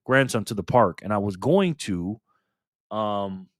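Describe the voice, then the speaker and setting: A man's voice: lowish voice, expressive, unhurried, dry recording, studio quality. An older man hosting a live stream in a casual, chatty way, thanking viewers by name and swearing now and then.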